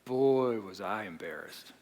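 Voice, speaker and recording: A man preaching a sermon in a church, animated, often repeating and restarting his phrases. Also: fairly low pitch, a little slow. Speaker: pastor. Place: church auditorium. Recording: long reverb of a large hall.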